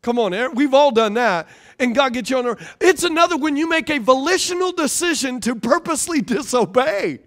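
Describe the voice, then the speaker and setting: A male pastor with a high, light voice delivers a sermon. He preaches in a casual, animated way and keeps repeating key phrases for emphasis. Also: a little fast.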